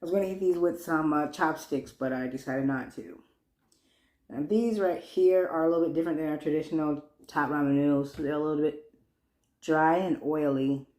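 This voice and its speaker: A woman, chatting playfully and excitably as she hosts her eating show. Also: deep voice, moderate pace, roomy sound. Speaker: mukbang vlogger. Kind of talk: casual eating-show chat.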